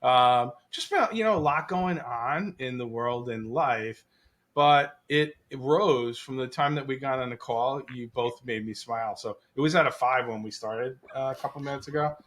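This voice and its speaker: A man co-hosting a leadership podcast over a call, talking in a lively, animated way with frequent restarts. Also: medium pitch, normal speed. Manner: animated, restarts often, acts out quoted voices. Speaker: podcast co-host. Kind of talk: casual podcast conversation.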